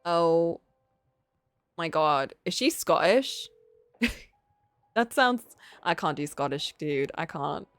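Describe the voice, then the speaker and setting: A woman's voice: low voice, expressive, takes it slowly, long pauses, a bit bright, no room sound. A young adult woman streaming a game, chatting casually and giggling, with the odd swear word. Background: faint game music.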